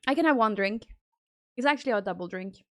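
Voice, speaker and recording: High-voiced woman streamer chatting casually. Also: quick pace, no echo, studio quality. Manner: chatty, thinks aloud while fiddling with stream settings; bursts into high excited thanks for gifted subs. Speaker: livestream host. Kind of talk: casual live-stream chat.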